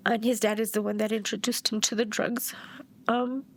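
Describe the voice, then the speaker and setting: A woman's voice: a little high, level tone, normal speed. A middle-aged woman from New Mexico, a bereaved mother giving documentary interview testimony in a plainspoken way and acting out past dialogue.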